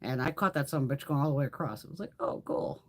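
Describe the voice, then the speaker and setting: A woman's voice: very deep voice, very fast, a little hiss or hum. A middle-aged woman hosting a beauty livestream, chatting casually with viewers, swearing freely and laughing often.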